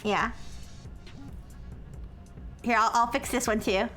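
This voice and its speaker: A high, bright woman's voice that walks through equations at an unhurried pace, checking in after each step and turning flustered and apologetic when her chat corrects her. Faint music plays softly behind her. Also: steady tone. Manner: explains step by step with frequent "okay?" and "all right?" checks; self-described as highly caffeinated. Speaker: streamer working through a math problem. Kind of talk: live-stream explaining math to chat.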